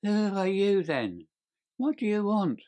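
A man's voice: a little high, animated, slow, gravelly, a little mellow, pitched above the performer's own voice, full character voice. A man reading an audiobook, voicing a frightened small man who whines and quavers in a raised voice. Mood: nervous. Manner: quavering, whining.

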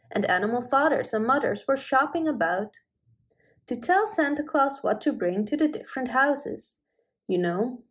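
A woman reading a children's animal story aloud in a gentle, measured way. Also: fairly high pitch. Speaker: narrator.

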